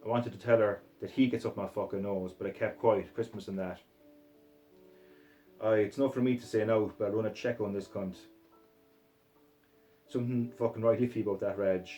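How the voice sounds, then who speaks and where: A man's voice: on the low side, fairly even intonation, normal speed, long pauses, dark tone, faint music behind, poor audio. A man reading a crude novel aloud in a put-on Scottish accent, in a profane, aggressive first-person voice. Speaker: reader.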